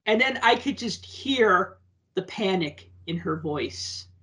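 A man's voice: sits high, slow pace. Guy chatting on a podcast, tells stories with a lot of energy, does little voices for people. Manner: animated storyteller, acts out quoted voices. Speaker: podcast co-host and teacher. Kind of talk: casual chat, storytelling.

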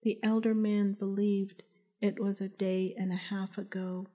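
A woman, the author, reading her novel aloud as calm, measured audiobook narration. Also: medium pitch, lo-fi sound.

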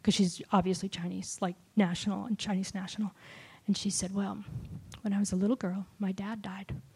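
A middle-aged woman giving a personal testimony sermon, telling a story with lively shifts and dropping to a whisper for quoted lines. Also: medium pitch, a little fast, slightly rough. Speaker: speaker at a church gathering.

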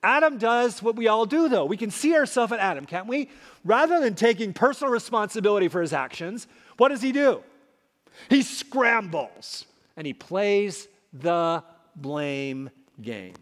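Animated high-voiced male pastor, hall echo. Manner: emphatic, dramatic swings between loud and hushed. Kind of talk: sermon. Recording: long hall reverb.

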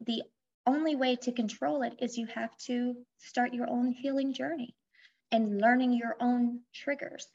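Woman coach chatting openly on a podcast, bit high-pitched, kinda muffled lo-fi sound. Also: darkish tone. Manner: candid, reflective, explains with personal examples. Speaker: life coach and author, podcast guest. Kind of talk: casual conversational interview. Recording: dull lo-fi audio.

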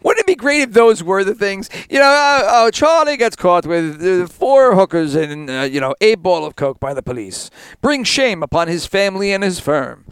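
Brief: male podcast co-host, high and lively voice, profane and laughing, dry close sound. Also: moderate pace, smooth, no echo. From New Jersey. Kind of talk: casual chat.

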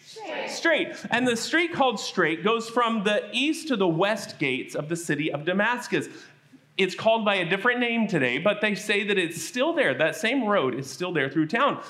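A man telling a Bible story at a children's church service, animated and asking the kids questions. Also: sits high, normal speed.

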